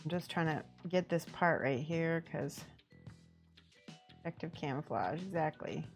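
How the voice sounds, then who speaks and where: A woman's voice: low-pitched, measured pace, faint music behind. A woman painting miniatures on a stream, chatting casually, reading chat aloud and laughing often. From American Midwest. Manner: chatty, laughs often, plays with word pronunciations.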